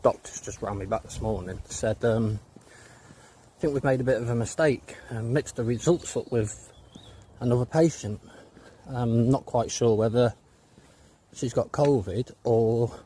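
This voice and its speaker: A British man telling one-liner pub jokes, pitching his voice up for the quoted characters. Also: a little slow, pauses often, warm tone, a little hiss or hum. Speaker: comedian.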